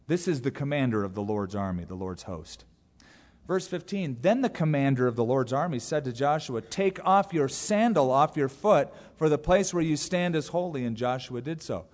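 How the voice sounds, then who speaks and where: Pastor preaching in a reverberant church hall. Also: male voice, mid-range voice. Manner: animated storytelling, acting out the characters in quick voices. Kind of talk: sermon.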